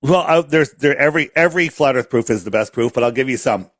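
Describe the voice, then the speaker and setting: A man's voice: mid-range voice, expressive, quick pace, fairly bright tone, no echo, studio quality. A man talking in a casual interview, emphatic and repeating phrases for effect. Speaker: flat earth guest.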